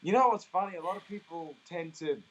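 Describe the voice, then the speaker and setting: Brief: young Australian man, relaxed interviewee, muffled lo-fi call audio. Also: high-pitched, brisk, a little hiss or hum. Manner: easygoing, laughs often, rambling fillers. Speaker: interviewee, singer. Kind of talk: casual interview chat.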